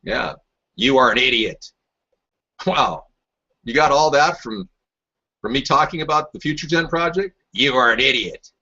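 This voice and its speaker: Husky man in combative political rant. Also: mid-range voice, expressive, a little slow, pauses often, sharp tone, lo-fi sound. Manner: combative, mocking, sarcastic. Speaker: talk show host. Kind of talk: rambling political talk, answering live chat.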